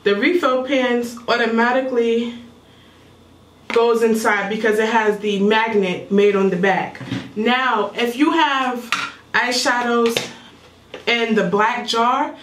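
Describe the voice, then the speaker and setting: A woman's voice: a little high, fairly bright tone, distant mic. A young woman vlogger walking through a makeup palette step by step in a casual, slightly mumbled tutorial. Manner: explains step by step while showing products. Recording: echoey room, voice away from mic.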